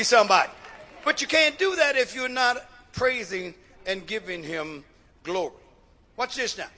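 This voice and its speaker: Man preaching, very high voice, bright and forceful, call-and-response sermon, loud then hushed. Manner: swings between shouting and hushed delivery. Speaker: pastor.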